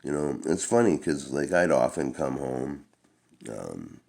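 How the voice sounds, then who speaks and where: A man's voice: extremely low pitch, big pitch swings, unhurried, vocal fry, darkish tone. A middle-aged man telling a long-winded, profane personal story in a laid-back, rambling way. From Canada.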